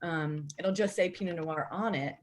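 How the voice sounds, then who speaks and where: A woman's voice: lowish voice, moderate pace. A woman on a video call, a guest wine expert explaining grapes in a casual way. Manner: explanatory, informative. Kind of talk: casual chat.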